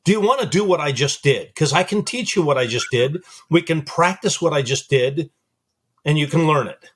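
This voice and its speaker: A man's voice: a little high, animated, normal speed, slightly rough. A man hosting a psychology podcast, telling a counseling story animatedly, repeating phrases for emphasis. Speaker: psychologist host. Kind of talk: conversational podcast interview.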